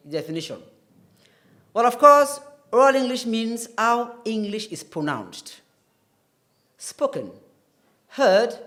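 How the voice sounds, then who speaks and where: A man's voice: high-pitched, fairly bright tone. A man teaching a televised English lesson, explaining carefully and spelling words out letter by letter. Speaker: English tutor.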